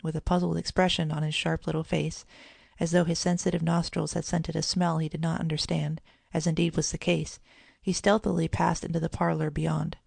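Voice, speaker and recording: Storybook narrator, measured reading, very gravelly voice, dry close sound. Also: mid-range voice, a little mellow, dry recording. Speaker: audiobook narrator.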